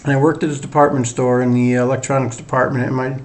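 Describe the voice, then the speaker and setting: A middle-aged man hosts a casual solo sports podcast, talking fast in a mid-range voice with a flat delivery. His accent blends Northern US speech with a Southern drawl, and he rambles in a chatty, self-deprecating way.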